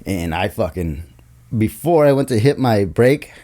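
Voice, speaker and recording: A man with a somewhat low voice speaks as a guest on a studio podcast mic. He tells his story in loose, casual chat, animated and full of swearing. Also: a little slow, a little hiss or hum.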